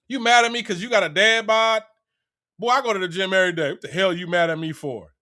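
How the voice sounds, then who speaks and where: A man delivering an animated, profane motivational rant in streetwise slang. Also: high voice, fast talker. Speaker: vlogger.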